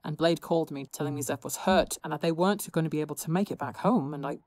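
A woman's voice: sits low, fast talker, darkish tone, no echo, lightly acted. A woman voicing a sheepish young male supervillain who speaks in an apologetic, hesitant way.

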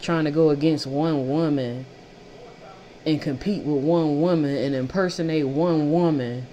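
A woman's voice: low voice, fairly even intonation, measured pace, warm tone. A woman giving a casual tarot reading who talks bluntly, swears freely and repeats phrases for emphasis. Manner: blunt, profane and fired up. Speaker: tarot reader.

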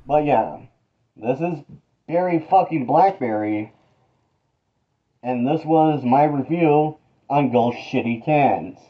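A man's voice: mid-range voice, takes it slowly, pauses often, muffled recording. A man giving a casual, complaining review in a played video clip.

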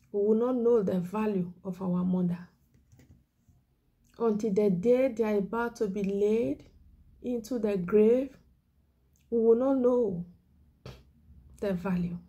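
Woman evangelist preaching, mellow dark voice, pleading and repeating herself, drops to a whisper sometimes, sounds close to tears. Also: a little high. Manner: earnest, repetitive pleading; drops to a whisper on key words. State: emotional, near tears. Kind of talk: exhortation sermon.

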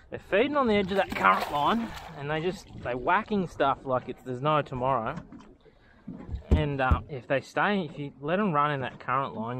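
A man giving chatty, excitable commentary as he fishes from a small boat, talking to the fish and to his viewers. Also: a little high. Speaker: fishing vlogger. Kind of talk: casual commentary while fishing. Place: outdoors on a small boat on the water. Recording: outdoor boat and water noise.

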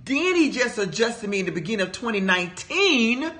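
A woman in her fifties shares a personal testimony during a Bible study. Her voice is bright and forceful, and her storytelling is animated and emphatic, as if she is talking right to a room of friends. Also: on the high side, fairly quick, few pauses. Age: 50s. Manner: animated, emphatic storytelling, addressing listeners as "y'all".

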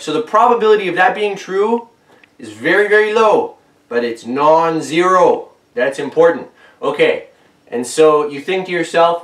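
A man's voice: a little high, normal speed. Joking man lecturing in an echoey room. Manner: deadpan, joking, acts out voices of people in his story. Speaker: host. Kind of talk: rambling comic lecture. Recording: echoey room, voice from far off the mic.

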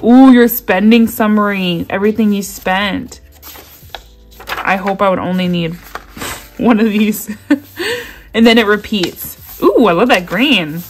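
A woman chatting excitedly as she unboxes gifts sent by a friend, gushing, gasping and laughing often. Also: mid-range voice, unhurried, long pauses, soft background music. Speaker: YouTube creator unboxing mail.

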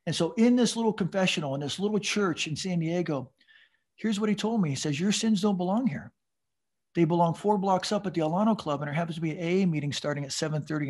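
A husky-voiced man in his fifties tells his story as a podcast guest. He sits a little high in pitch and speaks in an animated, tumbling way, stammering over repeated words and breaking into laughs. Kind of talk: storytelling recovery testimony.

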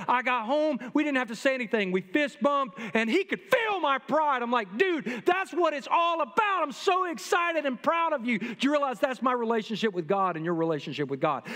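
A middle-aged man, a pastor, preaching a sermon to his congregation in a lively, humorous way that speaks straight to the people. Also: very high voice. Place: church sanctuary. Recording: long reverb from a church hall.

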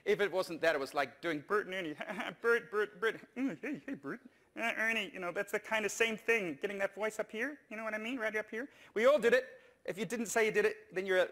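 Brief: upbeat male keynote speaker, fairly high voice, joking and urging the crowd on. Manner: lively, jokey, coaxing the audience. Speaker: conference speaker. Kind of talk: humorous keynote talk.

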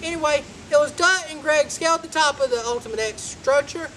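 A man hosting a casual wrestling recap, rambling and joking, and he keeps saying anyway and ladies and gentlemen. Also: very high voice, a little fast, slight background noise, low-quality recording. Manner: joking, talks over his co-host. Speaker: host of a wrestling review show.

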